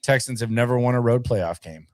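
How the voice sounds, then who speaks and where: A man's voice: mid-range voice, a little fast, darkish tone, no room sound, clean studio sound. A man co-hosting a casual sports talk show, chatting about football and reading viewer comments aloud.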